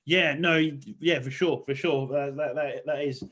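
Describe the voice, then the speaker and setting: A man's voice: on the high side, fairly even intonation, moderate pace, a bit bright. Rambling, swearing man on a podcast. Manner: rambling, swearing, laughs often. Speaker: podcast co-host. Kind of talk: casual chat.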